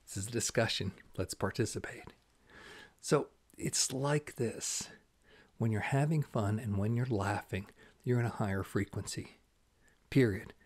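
A man with a fairly low, slightly mellow voice hosts a spiritual talk show, where he also works as a channeler. He tells jokes and stories in an enthusiastic, casual way.

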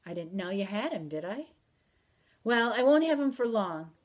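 A woman reading aloud as a stubborn, indignant peasant girl, speaking emphatically and louder than her narration. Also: medium pitch, big pitch swings, normal speed. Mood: defiant. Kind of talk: audiobook reading.

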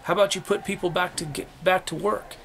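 Young man, profane political rant, slightly high voice, faint hiss under it. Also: fairly even intonation, fast talker, vocal fry, a bit bright. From United States. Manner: profane, ranting, repeats rhetorical questions. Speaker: vlogger.

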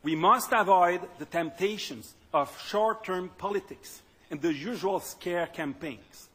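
A man reading out a quotation in a put-on Australian accent, measured and deliberate. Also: high voice, pushed and bright, slightly rough, exaggerated voice. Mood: earnest.

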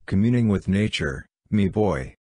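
A defiant Irish soldier, read by a man with a low voice and an Irish lilt. He sounds reckless and stung, close and dry. A storybook hothead. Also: lively intonation, a little slow, mellow, no echo. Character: hot-tempered Irish army officer, defiant.

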